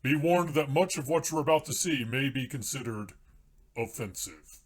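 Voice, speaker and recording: A man's voice: medium pitch, lively intonation, normal speed, close to an everyday voice. A man voicing a pompous male TV news anchor with a stiff, formal newsreader delivery.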